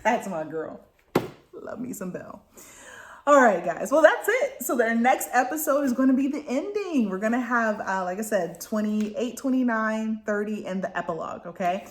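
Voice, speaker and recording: A woman vlogger recapping book chapters in a casual chat, excitable and gushing as she tells the story. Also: on the high side, normal speed.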